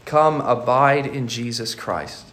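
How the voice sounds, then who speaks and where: A man's voice: medium pitch, animated, slow pace, a bit bright, reverberant. A male pastor preaching a sermon earnestly, often repeating words as he starts a phrase.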